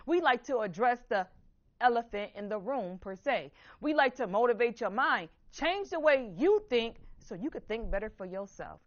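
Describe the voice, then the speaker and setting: A woman from Buffalo, New York, hosting a motivational talk show, talking in an animated, preachy way and calling the audience "baby.". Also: fairly high pitch, moderate pace, lo-fi sound. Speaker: host.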